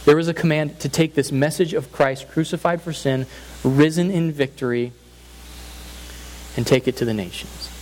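A male pastor preaches an earnest, emphatic sermon, building his points through repeated phrases. His voice is fairly high with a darkish tone and a normal speed, and the low-quality recording carries a faint hiss.

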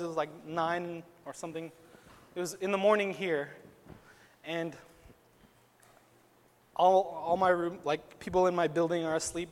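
A young man giving an earnest, conversational personal testimony as a sermon, full of casual fillers. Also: sits high. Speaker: speaker at a Christian gathering. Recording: long hall reverb.

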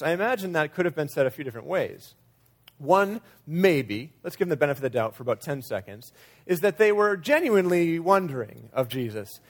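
A man's voice: on the high side, animated, brisk. A man preaching a sermon in a conversational way, sometimes acting out quoted lines with changing emphasis. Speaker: pastor.

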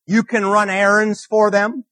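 A man's voice: high voice, level tone, measured pace, a bit bright, dry recording. A man preaching a conversational sermon as a minister, earnest, repeating key phrases and putting questions to the congregation.

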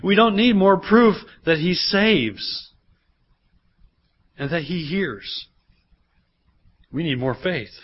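A man's voice: sits high, slow, long pauses. A man preaching a sermon as pastor, switching between teaching and acting out the people in the reading. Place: church. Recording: dull lo-fi sermon recording.

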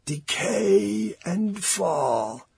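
Man doing a withering young man, quavering and whispery, drawn out and husky, audiobook horror. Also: high-pitched, big pitch swings, extremely slow, pitched above the performer's own voice, full character voice. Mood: eerie. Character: young man withering into a rasping corpse, eerie and remote.

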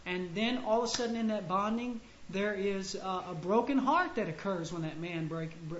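A man's voice: high voice, a bit bright, a little hiss or hum. Man preaching in an echoey room. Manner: conversational, halting with restarts, punchy emphasis. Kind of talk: sermon. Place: room with an audience. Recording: echoey, muffled room recording with faint ambience.

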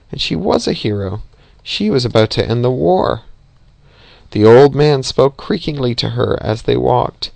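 A man reading a novel aloud as narrator, steady and even, with occasional slips. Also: medium pitch, creaky, no room sound.

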